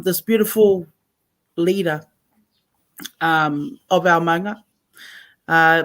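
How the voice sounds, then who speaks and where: A woman's voice: lowish voice, fairly bright tone. Brief: NZ woman, radio host, gushing and heartfelt, mixes Māori and English. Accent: New Zealand. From Taranaki, New Zealand. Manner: effusive, switches between Māori and English. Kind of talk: live community radio chat.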